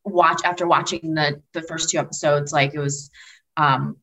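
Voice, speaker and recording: A woman's voice: deep voice, steady tone, moderate pace, bright, forceful tone, a little hiss or hum, rough recording. A woman chatting casually as a podcast panelist, rambling and heavy on filler words. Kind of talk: casual chat.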